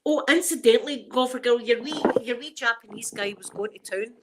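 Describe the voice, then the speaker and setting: A woman's voice: on the high side, a little fast, heavy background noise. A woman with a Scottish accent, hosting a casual unboxing chat. She is chatty and emotional and stumbles when reading aloud. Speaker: ASMR channel host.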